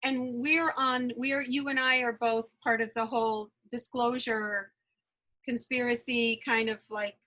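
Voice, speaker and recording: Bright high-voiced woman, earnest storyteller. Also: little pitch movement, measured pace, low-quality recording. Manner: earnest, repeats phrases, emphatic. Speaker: interview guest, energy healer. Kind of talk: emotional personal storytelling.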